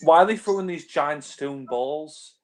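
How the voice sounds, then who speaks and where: A man's voice: on the high side, measured pace. A man giving casual, profane commentary on a film, blunt and exasperated, laughing often.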